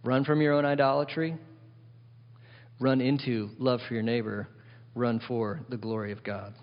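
A man's voice: mid-range voice, little pitch movement, moderate pace. A male pastor preaching a sermon in a conversational way, asking rhetorical questions and repeating key words for emphasis. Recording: echoey hall, slightly dull sound.

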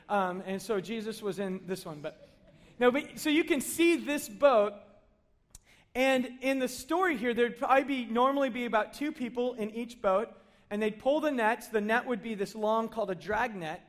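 A man with a bright, high-pitched voice gives a relaxed sermon that feels like storytelling. He is middle-aged and animated, often slipping into playful acted asides as he talks. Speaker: pastor.

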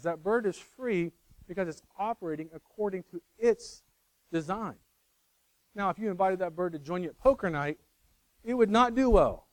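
A man's voice: fairly high pitch, darkish tone, no echo, poor audio. A middle-aged man preaching a sermon in a conversational way, correcting himself and teasing the congregation.

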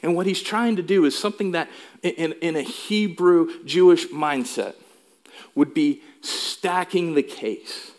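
A male pastor delivering a sermon in an emphatic way, asking the congregation questions. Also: a little high. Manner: emphatic, asks the room questions.

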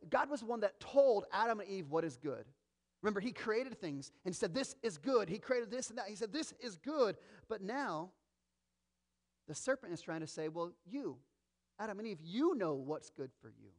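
A male pastor preaching a sermon, expressive and dramatic, acting out quoted voices as he teaches. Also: high-pitched, normal speed.

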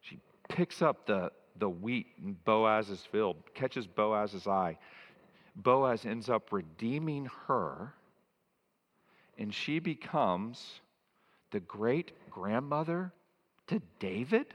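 Low-voiced pastor guy preaching, repeats his points for emphasis, big echoey church hall. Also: expressive, slow. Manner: emphatic, repeats key phrases. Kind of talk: sermon.

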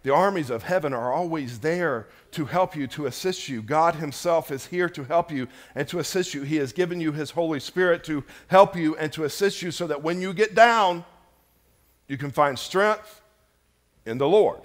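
Man preaching a sermon, swinging loud to hushed. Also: on the high side, normal speed. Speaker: pastor. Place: church.

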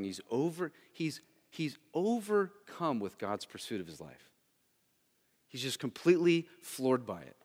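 A male pastor preaching a sermon, swinging between loud urgent emphasis and hushed, low intensity, often checking in with "right?". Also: sing-song, a little slow, in a large hall. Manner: frequent "right?" check-ins with the congregation.

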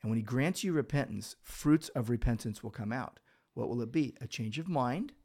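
A man's voice: medium pitch, moderate pace. A man who is a pastor, talking through Bible verses in a casual podcast discussion and acting out little scenes as he explains. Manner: animated storytelling, acts out quoted speech.

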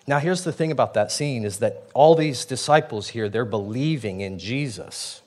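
Male pastor, casual sermon delivery, animated, restarts a lot, middle pitch. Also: moderate pace, hardly any pauses. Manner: conversational, animated, with frequent restarts and asides.

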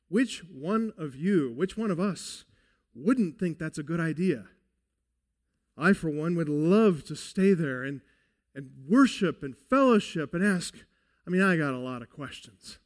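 A man delivers a sermon in a slow, deliberate cadence. His voice sits a little high for a man, and he presses his points home with earnest, emphatic questions. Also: expressive, darkish tone, long reverb tail. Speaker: pastor.

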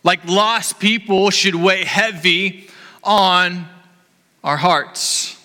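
A man's voice: high voice, steady tone, drawn-out words, bright, forceful tone, long reverb tail. A man in his thirties preaching a sermon in an earnest, impassioned way. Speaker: pastor. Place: church hall.

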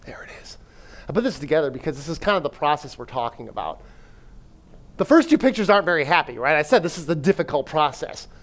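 Animated man telling a church story. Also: fairly high pitch, fast talker. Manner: animated storytelling with self-talk, fillers. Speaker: speaker at a church. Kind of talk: sermon with personal story.

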